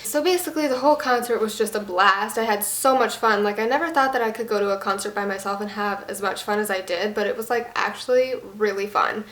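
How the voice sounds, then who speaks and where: A woman's voice: medium pitch, fast talker, few pauses, a bit bright. A young woman vlogger telling a casual story, chatty and full of "like" and "literally". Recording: echoey room.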